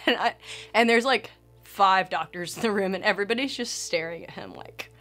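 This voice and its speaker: A woman sharing a personal faith testimony in an earnest, emotional way, with soft laughs between phrases. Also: medium pitch, normal speed, faint music behind.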